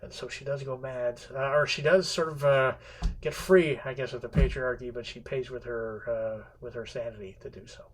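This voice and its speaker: A man's voice: mid-range voice, steady tone, moderate pace, a little hiss or hum. A male literature teacher retelling a story in a casual, rambling classroom lecture, often restarting his sentences and slipping in the odd swear word. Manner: rambling, many restarts, playfully quotes characters; irreverent, occasional swearing.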